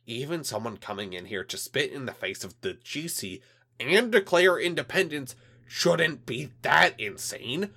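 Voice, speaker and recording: A man's voice: lively intonation, unhurried, vocal fry, slightly rough, exaggerated voice. A man voicing a cold, threatening insectoid alien official in a read-aloud story. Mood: menacing. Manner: clipped, menacing, louder and higher.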